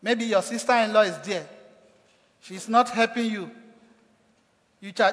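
A man's voice: sits high, unhurried, pauses often, a bit bright. A man preaching a sermon as pastor, with emphatic delivery that acts out quoted cries with rising force. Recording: echoey hall.

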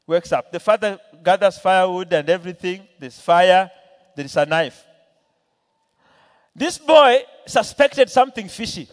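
A man's voice: high voice, lively intonation, measured pace. A man preaching a sermon to a church, telling a Bible story and voicing its characters as he goes. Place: church hall. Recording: long hall reverb.

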